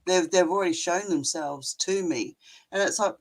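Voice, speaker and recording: A woman's voice: fairly low pitch, normal speed, rough recording. Blunt New Zealand woman, salty and emphatic. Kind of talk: casual panel chat.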